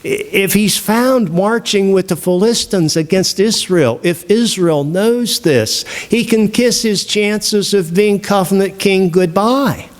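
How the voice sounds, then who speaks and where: A man giving a seminary lecture on the Bible, animated and full of rhetorical questions. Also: sits high, takes it slowly, hardly any pauses. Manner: animated, asks rhetorical questions, acts out quoted voices.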